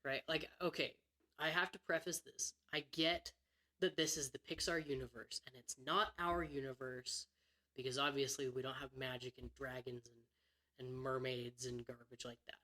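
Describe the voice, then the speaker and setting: A man's voice: medium pitch, steady tone, moderate pace, pushed and bright. A man co-hosting a podcast in casual chat, opinionated and emphatic. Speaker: podcast co-host.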